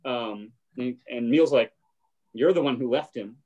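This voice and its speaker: A man recaps a show scene in casual conversation, trailing off into fillers and acting out short bits of dialogue. His voice sits at a middle pitch. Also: unhurried, warm tone, dull audio. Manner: retells scenes, briefly acting out lines. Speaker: podcast host.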